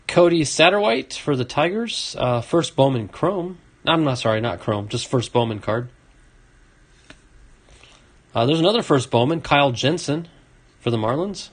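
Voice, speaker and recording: Chatty man opening a box of cards. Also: on the high side. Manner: chatty, reads off names, talks to a viewer. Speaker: card collecting video host. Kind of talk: casual box-opening commentary.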